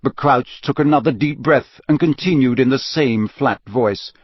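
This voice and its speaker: A man narrating a fantasy novel in an even, steady audiobook reading. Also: medium pitch, moderate pace, hardly any pauses, no echo, highs cut off.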